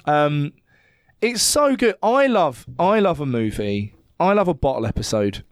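A man co-hosting a casual film chat, animated and swearing freely. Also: fairly high pitch, measured pace, no echo, clean studio sound.

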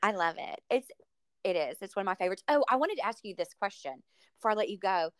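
A woman's voice: medium pitch, animated, fast, dry recording. Gushing woman host, dry sound. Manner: enthusiastic, gushing. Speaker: podcast host. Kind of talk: casual interview.

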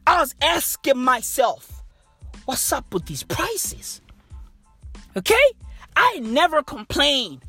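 A woman's voice: high-pitched, fairly bright tone. A woman doing a comic rant monologue in slangy, profane hype-bro talk. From South Africa.

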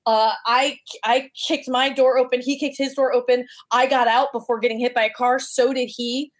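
A woman's voice: a little high, moderate pace. A woman guest telling a personal story casually, acting out the voices she quotes. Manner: animated, acts out quoted voices.

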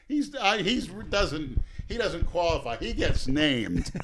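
A man's voice: fairly high pitch, sing-song, takes it slowly, background noise. A man hosting a podcast, trading crude teasing banter and laughing often. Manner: laughing, teasing, swears freely. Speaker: podcast host.

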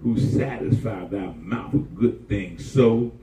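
In a church, a man preaches a lively sermon in a fairly low voice at a slow pace, telling personal stories in a folksy, colloquial style. The congregation answers him in call-and-response, and the recording sounds dull, distant, and roomy.

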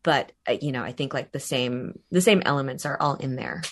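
A woman's voice: rumbling low, animated, brisk. A woman voice actor talking casually in an interview, rambling with many fillers and restarts, laughing easily. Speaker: voice actor guest.

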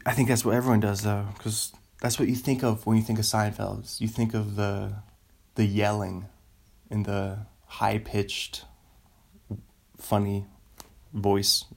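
A man hosts a loose solo chat, drifting between thoughts at an unhurried pace. He breaks off mid-sentence often and chuckles at his own tangents. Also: fairly low pitch, little pitch movement, creaky. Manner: meandering, self-interrupting, laughs often. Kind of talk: rambling solo casual chat.

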